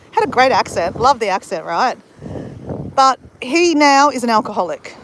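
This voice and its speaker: Chatty woman, windy beach. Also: high-pitched. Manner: chatty, rambling, answers viewers. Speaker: vlogger. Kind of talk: casual live-stream chat. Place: outdoors on a beach. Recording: wind buffeting the mic outdoors.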